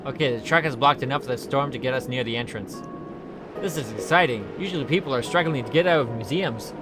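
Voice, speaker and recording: A man's voice: medium pitch, fast talker, music in the background. A man streaming a game, reading its lines aloud in a plain, matter-of-fact way.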